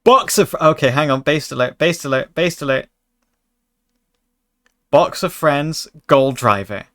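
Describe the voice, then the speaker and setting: A man's voice: fairly high pitch, a little slow, a bit bright. A man streaming a card game, chatting casually with his chat and joking in mock anger. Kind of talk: casual gaming commentary.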